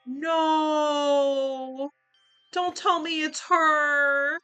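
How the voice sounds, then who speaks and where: A woman reacts to a story game in a high, bright voice, talking to her viewers as she plays. She speaks slowly and wears her emotions openly. Faint game music plays behind her. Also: fairly even intonation. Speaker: let's play gamer.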